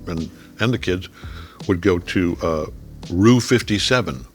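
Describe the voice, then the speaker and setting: Older man, 70s, very low voice, easygoing raconteur, soft music bed. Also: unhurried. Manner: relaxed storytelling, drops low and quiet on reflective moments. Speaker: guest. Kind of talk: casual chat over a meal.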